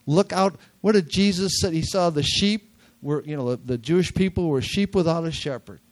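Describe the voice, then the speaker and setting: A man's voice: a little high, moderate pace. An older man with a nasal voice preaching a sermon in a church, talking casually with jokes and repeating key words for emphasis. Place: church sanctuary.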